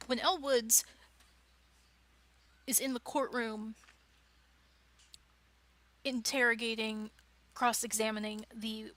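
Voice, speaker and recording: A woman's voice: a little high, little pitch movement, slow pace, long pauses, fairly bright tone. A woman leading a writing club, giving an informal, chatty talk with frequent restarts and fillers. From United States. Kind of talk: casual informal teaching talk.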